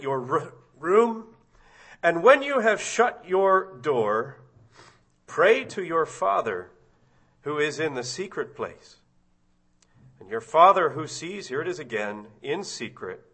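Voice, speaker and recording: A middle-aged man giving a sermon as a visiting preacher, reading scripture aloud and slowing down to stress key words. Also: medium pitch, bright, forceful tone, slightly rough. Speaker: guest preacher.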